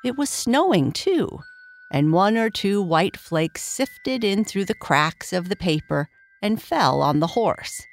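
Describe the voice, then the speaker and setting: A woman reading a children's story aloud, gently lifting her pitch for the characters. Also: expressive, slow pace.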